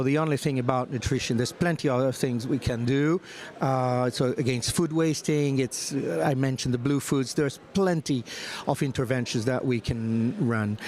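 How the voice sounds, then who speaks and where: Man speaking haltingly on a panel. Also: mid-range voice, darkish tone, slight background noise. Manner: thoughtful, halting, with many fillers and restarts. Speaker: panelist, special envoy. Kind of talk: panel discussion.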